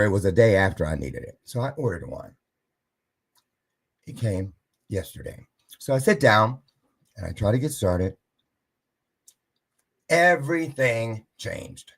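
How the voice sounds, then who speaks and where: A man with a husky, slightly rough voice hosts his live-stream show. He tells a rambling personal story, and his pitch swings widely as he acts out each quoted voice. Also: very animated, measured pace, long pauses, a bit bright. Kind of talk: casual storytelling monologue.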